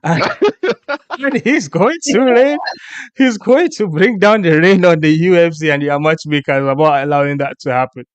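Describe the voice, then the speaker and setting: A man hosts a loose sports conversation in a slightly raised voice, animated and prone to restarts. The sound is close and dry, with no room around it. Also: fairly high pitch, moderate pace, clean tone, dry recording, muffled recording. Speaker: podcast host. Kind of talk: casual sports chat.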